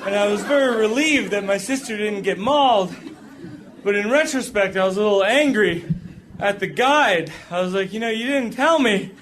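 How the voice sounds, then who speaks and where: A man performing a comic personal story for an audience, jumping into high voices when he quotes people. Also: lively intonation, normal speed, fairly bright tone, some chatter behind.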